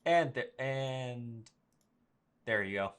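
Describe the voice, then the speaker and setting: A man narrating as dungeon master of an online tabletop game, halting and full of ums and restarts. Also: mid-range voice, expressive, fairly bright tone, clean tone.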